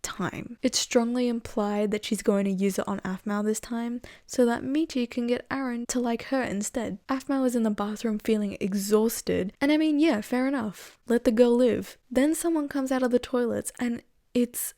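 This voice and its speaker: A young woman talks through a recap in a loose, chatty way, swearing freely and tossing in wry asides. Her voice sits a little high and has a mellow, warm tone. The sound is close and dry, with no room around it. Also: normal speed, dry recording. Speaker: series recap commentator. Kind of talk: casual recap narration.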